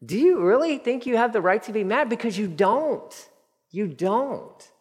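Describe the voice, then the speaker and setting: A man preacher voicing God as a fatherly male figure, gently scolding a stubborn prophet. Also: high-pitched, animated, measured pace, voice pushed up. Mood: chiding. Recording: long hall reverb.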